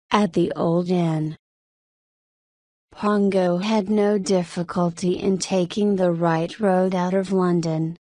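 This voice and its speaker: A woman narrating a graded story for English learners in a slow, clear, measured reading. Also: fairly low pitch, mellow, no echo.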